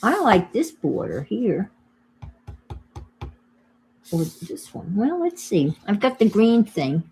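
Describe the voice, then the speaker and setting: A woman's voice: mid-range voice, sing-song, slow, mellow. An older woman with a New York accent, chatting casually to viewers on her crafting livestream while she works. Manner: chatty, thinks aloud while working, greets viewers.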